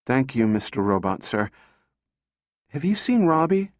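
A man's voice: mid-range voice, very animated, unhurried, no room sound. A man voicing a small girl who talks in an earnest, polite, breathless way. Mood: pleading. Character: small pleading girl searching for her robot. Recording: dull dry recording.

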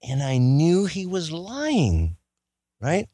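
رجل يحكي قصة شخصية طويلة، بأسلوب حيوي، ويمثّل الحوار المقتبس بقفزات كبيرة في طبقة الصوت. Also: male voice, takes it slowly, no room sound. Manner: animated, acts out quoted dialogue with big pitch jumps. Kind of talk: storytelling monologue.

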